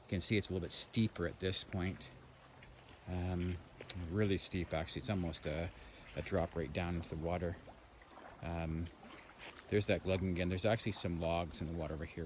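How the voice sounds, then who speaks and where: A man from Canada in casual walking commentary, rambling and chatty as he describes a lakeside trail outdoors into a handheld camera. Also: low-pitched. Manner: rambling, chatty, narrates what he sees while walking. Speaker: hiking vlogger. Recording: dull lo-fi outdoor recording with loud background noise.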